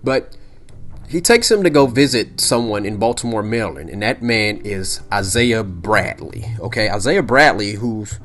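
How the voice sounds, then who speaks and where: A man's voice: on the low side, expressive, normal speed, a bit bright. A man hosting a solo podcast, talking casually and emphatically, repeating himself and checking in with "okay?" and "all right?". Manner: rambling, peppers lines with "okay?" and "all right?". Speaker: podcast host.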